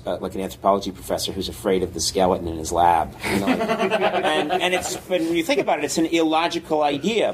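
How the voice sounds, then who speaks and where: A man being interviewed as a guest, rambling and animated, often laughing as he tells stories. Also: low voice, a little hiss or hum. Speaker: guest, comedy writer. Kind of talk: casual interview storytelling.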